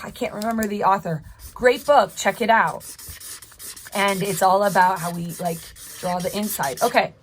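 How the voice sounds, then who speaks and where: A woman art teacher talks through her drawing in a chatty, encouraging way, thinking aloud as she works at her desk. Her voice sits at an ordinary middle pitch. A faint hiss of background noise runs under the recording. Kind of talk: narrated drawing tutorial.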